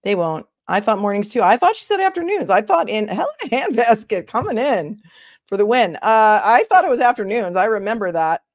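A woman's voice: medium pitch, lively intonation, brisk, no room sound, studio quality. A woman attorney hosting a casual livestream, chatting and answering viewer comments as she thinks aloud.

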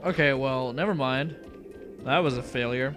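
A man's voice: mid-range voice, normal speed, over music. A young man giving casual, rambling commentary while playing a video game, often trailing off into mutters. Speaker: let's play host.

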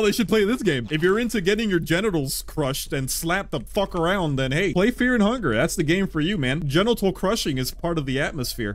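A man's voice: a little high, a little hiss or hum. Profane joking game streamer, a man. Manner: profane, joking, quick swings in loudness. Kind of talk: crude comic let's-play commentary.

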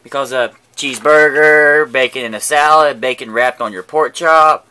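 A man's voice: mid-range voice, moderate pace, sharp tone, clean tone. A man chatting casually while cooking outdoors at a grill, crude and joking, stumbling over his words. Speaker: cooking vlogger. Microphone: camera mic.

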